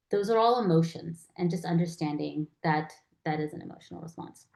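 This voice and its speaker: A woman's voice: lowish voice, fairly even intonation, brisk, vocal fry, few pauses, roomy sound. A woman teaching a lecture in a conversational way, acting out quoted phrases as she goes. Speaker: palliative care educator.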